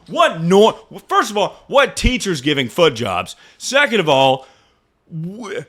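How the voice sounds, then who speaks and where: A young male streamer telling a story to his chat in casual talk, swearing freely and sounding incredulous. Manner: animated, incredulous, swears freely, jumps to high pitch when mocking.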